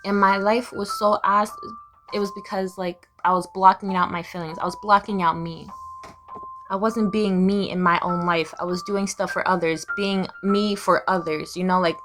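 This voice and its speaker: A woman's voice: medium pitch, fairly even intonation, moderate pace, fairly bright tone. A young woman speaking candidly in a personal confessional vlog, raw and profane, firing off heated rhetorical questions. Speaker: vlogger. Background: music.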